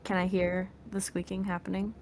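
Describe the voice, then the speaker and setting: A woman's voice: mid-range voice, monotone, moderate pace, a crowd in the background. A woman playing in a tabletop game with friends, asking curious questions. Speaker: player. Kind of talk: tabletop role-play with friends.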